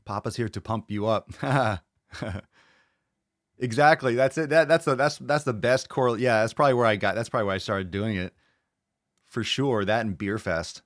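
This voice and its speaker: A man's voice: on the low side, normal speed, a bit bright, no room sound, clean studio sound. A man hosting a live podcast in casual, rambling chat, swearing freely and hyping up his audience. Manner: profane, hyped, rambling. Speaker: podcast host.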